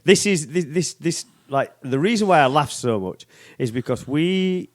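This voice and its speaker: A man's voice: on the high side, animated, normal speed. A man co-hosting a podcast, talking in a rambling, profane way with many restarts. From Canada. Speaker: podcast co-host. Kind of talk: casual chat.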